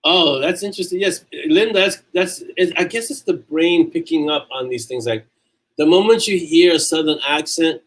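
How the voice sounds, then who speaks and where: A man's voice: a little high, moderate pace, low-quality recording. A man with a New York accent hosting a casual livestream, reading viewer comments aloud and answering them in a chatty way. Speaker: livestream host answering chat.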